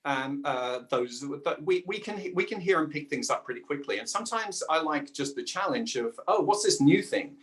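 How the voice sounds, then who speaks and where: A middle-aged man, a dialect coach and voice actor, chatting lively as a guest. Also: fairly high pitch, moderate pace, few pauses. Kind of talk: casual conversation.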